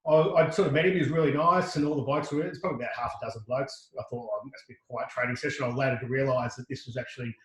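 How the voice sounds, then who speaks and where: A middle-aged Australian man, a podcast guest, tells a lively anecdote full of restarts and quoted dialogue. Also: mid-range voice, racing, few pauses, roomy sound, poor audio. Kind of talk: casual storytelling.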